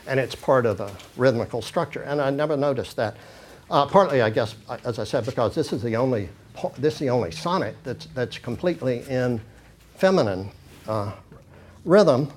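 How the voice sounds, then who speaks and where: A man's voice: medium pitch, lively intonation, normal speed, slightly rough. A man giving an informal lecture, reading passages from handouts and breaking off with many fillers and restarts. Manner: reads quoted passages then comments casually.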